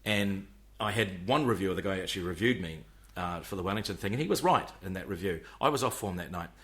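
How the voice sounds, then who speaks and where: A man's voice: low voice, lively intonation, quick pace, fairly bright tone. A middle-aged man, a comedian talking passionately on a podcast, often repeating words as he starts. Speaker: stand-up comedian guest. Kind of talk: casual podcast conversation.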